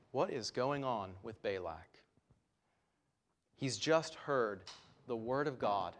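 Male pastor, mid-pitched voice, emphatic sermon delivery. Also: animated, slow, pauses often. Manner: earnest, emphatic, voice rising and falling for stress. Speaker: preacher.

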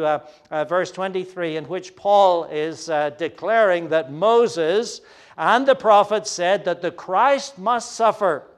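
Delivering an expository sermon, this high-pitched man speaks with a clean tone. He explains earnestly, frequently stalls on fillers, and turns at times to talk to the children.

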